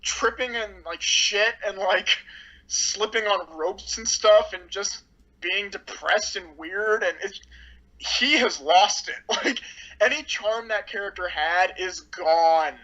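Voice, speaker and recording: Blunt, sarcastic woman reviewer with a bright voice, casual and loose; slightly dull recording. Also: medium pitch, slow. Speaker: movie reviewer.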